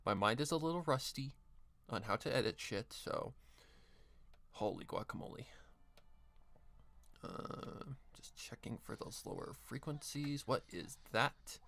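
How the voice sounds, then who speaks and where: A man's voice: medium pitch, animated, unhurried, creaky, long pauses, fairly bright tone. Rambling man chatting on a live stream. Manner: rambling, self-correcting, swears casually. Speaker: streamer editing an audio drama. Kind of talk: casual live-stream chat.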